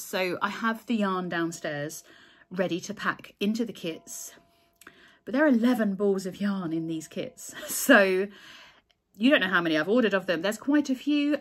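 In a mid-range voice, an English woman who designs crochet and vlogs talks to the camera about her work. Her tone is heartfelt and conversational, broken by restarts and gentle laughter, and she says she's feeling tired.

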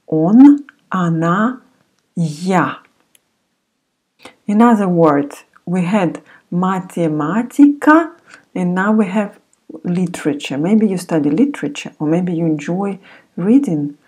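A woman with a Russian accent teaching a language lesson, pronouncing each word slowly and repeating it several times. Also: on the low side, husky.

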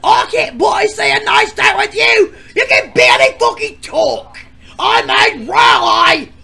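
A man voicing a furious, foul-mouthed old woman who shouts and threatens everyone. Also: very high-pitched, wildly swooping pitch, a little slow, creaky, voice pushed up, full character voice. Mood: snarling. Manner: shouting, cussing, threatening to stomp.

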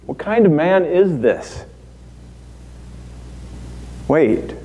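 A man's voice: a little high, very animated, dark tone, full character voice. A man playing a dying repentant thief. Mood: reflective. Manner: halting, broken phrases. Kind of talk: dramatic monologue. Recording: long hall reverb.

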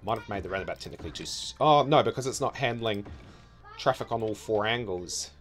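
A man's voice: lowish voice, a little fast, a bit bright, faint music behind. A man thinking aloud as he streams a city-building game, trailing off and correcting himself often. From New Zealand. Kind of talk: casual gameplay commentary.

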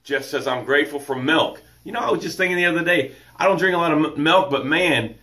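Guy doing a live motivation show, bright tense voice, greets folks by name, reads their comments soft. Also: fast talker. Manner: drops soft and low to read quotes and breathing cues. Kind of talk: live-stream motivational talk.

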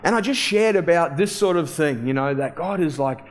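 A man's voice: a little high, animated, moderate pace. A man, preaching a sermon as a casual, conversational storyteller who often restarts and fills with "you know". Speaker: pastor.

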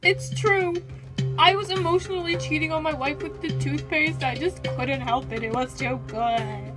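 A woman's voice: sits high, moderate pace, lightly acted. A young woman voicing a melodramatic male toy pet addicted to toothpaste, whiny and prone to screaming. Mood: desperate. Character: frantic toothpaste-obsessed male pet, adult. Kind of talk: toy video skit. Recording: music playing underneath.

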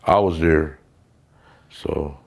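Gravelly-voiced man telling street stories. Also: a bass voice, very slow. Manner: profane street storytelling, acts out quoted voices. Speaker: interview guest. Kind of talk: casual storytelling interview.

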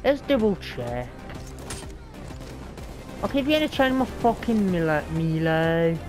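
A woman's voice: fairly high pitch, big pitch swings, a little slow, over music. A woman with an Australian accent giving casual, profane, rambling commentary while streaming a game. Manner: profane, rambling, slangy banter.

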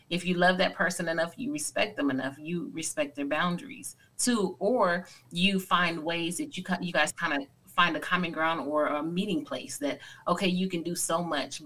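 A woman's voice: on the low side, a bit bright, low-quality recording. A woman in her forties co-hosting a podcast, speaking earnestly and reflectively in casual conversation. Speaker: podcast co-host.

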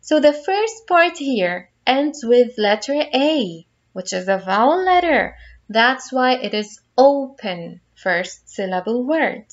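A woman's voice: a little high, big pitch swings, takes it slowly, muffled recording. A woman teaching a phonics lesson to young children, patiently guiding them through each word step by step.

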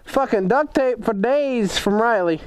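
Excitable high-voiced young man. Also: unhurried, slight background noise. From United States. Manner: excitable, swears a lot, jokey. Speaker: motorcycle vlogger opening fan mail. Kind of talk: casual vlog chat.

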